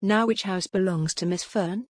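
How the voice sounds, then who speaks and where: A woman voicing a rough-born male police inspector who talks bluntly and with threats, in a husky voice. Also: medium pitch, moderate pace, dry recording, studio quality, close to an everyday voice.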